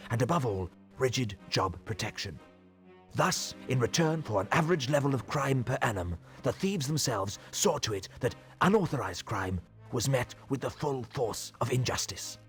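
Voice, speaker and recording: A man giving wry scripted game narration in a dry, ironic, measured manner. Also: mid-range voice.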